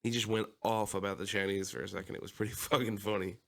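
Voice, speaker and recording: Brief: male podcast co-host, Philadelphia accent, low-ish voice, swears and laughs through his stories. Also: steady tone, quick pace, vocal fry, a bit bright. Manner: laughs while telling stories, swears casually. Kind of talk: casual chat.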